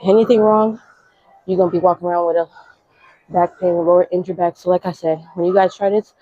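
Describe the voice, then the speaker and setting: A woman's voice: fairly low pitch, fairly even intonation, fairly quick, warm tone, dry recording. Young woman fitness vlogger, slangy, out of breath, dull lo-fi. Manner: chatty, coaching, slangy. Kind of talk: casual workout instruction.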